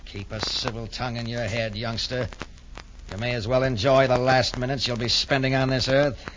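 A man's voice: medium pitch, flat delivery, moderate pace, fairly bright tone, a little hiss or hum, natural voice. Oily mocking spy voiced by a man, fake-friendly menace; dull old broadcast sound. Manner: mock-friendly and sneering. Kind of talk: 1940s radio acting. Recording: muffled old radio recording.

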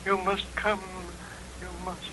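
A man's voice: high-pitched, monotone, unhurried, bright, forceful tone, slight background noise. An actor playing a distant, insistent male voice calling out to the hero like a spirit in an old radio play. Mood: eerie. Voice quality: faint, echoing, insistent. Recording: old dull lo-fi radio recording.

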